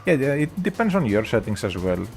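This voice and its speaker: A man with a Greek accent, chatting casually with his viewers while streaming a racing game, in a relaxed, rambling way. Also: mid-range voice, brisk, soft background music. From Greece. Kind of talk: casual gameplay chat.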